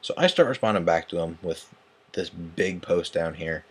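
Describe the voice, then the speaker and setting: Tired, ranting young man, low voice. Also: animated, moderate pace, breathy edge. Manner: agitated, profane, tired and yawning. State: tired, late at night. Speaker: online tournament host. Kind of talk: ranting vlog.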